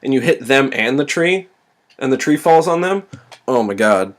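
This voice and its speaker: A young man talks casually as a co-host. His speech is chatty and goofy, and he often slips into jokes. His voice sits at a middling pitch. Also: lively intonation, moderate pace. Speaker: podcast co-host. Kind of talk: casual chat.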